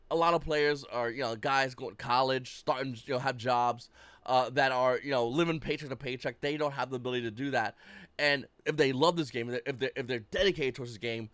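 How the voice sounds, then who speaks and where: A man's voice: mid-range voice, a bit bright, dry recording. A man giving casual ranting commentary as a YouTube card-game host, blunt and profane.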